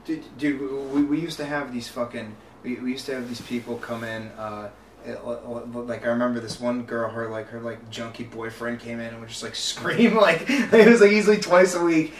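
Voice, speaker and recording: A man rambling through stories in casual chat, halting with fillers and bursting into laughter. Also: medium pitch, a little hiss or hum. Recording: echoey room, mic at a distance.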